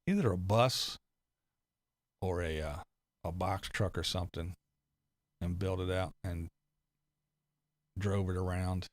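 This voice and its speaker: Low-voiced rambling middle-aged man. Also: takes it slowly, pauses often, no echo, clean studio sound. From United States. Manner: laughs often, swears freely, rambling. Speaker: livestream host reading chat. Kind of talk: casual chat.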